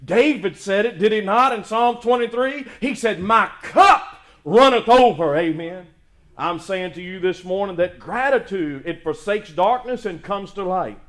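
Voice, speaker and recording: High-voiced preacher, emphatic. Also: male voice, lively intonation, measured pace. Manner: emphatic preaching, rising loud on praise lines, folksy storytelling asides. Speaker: pastor. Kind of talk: sermon.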